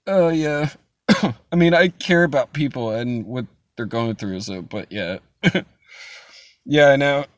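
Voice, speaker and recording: A man's voice: medium pitch, measured pace, dry recording. A young man hosting a casual chat stream, rambling loosely with frequent swearing and laughter. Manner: rambling, profane, laughs often. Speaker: stream host.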